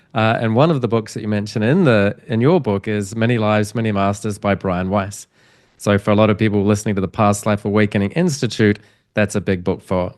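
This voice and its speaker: A man's voice: fairly low pitch, darkish tone, no echo, studio quality. Man host rambling through his questions. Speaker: podcast host. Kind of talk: interview questions.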